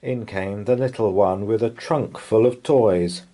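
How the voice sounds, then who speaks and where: A man reading a children's picture book aloud as a bedtime story, in an expressive, soothing manner. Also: fairly low pitch, measured pace.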